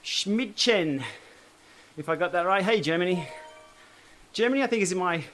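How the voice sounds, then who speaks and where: A man's voice: high voice, expressive, normal speed, fairly bright tone, a little hiss or hum. An Australian man hosting a casual cycling livestream, chatting and answering viewer comments while he pedals on an indoor trainer. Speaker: cycling channel host.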